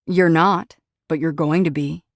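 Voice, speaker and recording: A woman's voice: deep voice, fairly even intonation, unhurried, dry recording, clean studio sound. A woman reading the lines of a cocky young man who teases his girlfriend, in a storybook reading. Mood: teasing. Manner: teasing, playful.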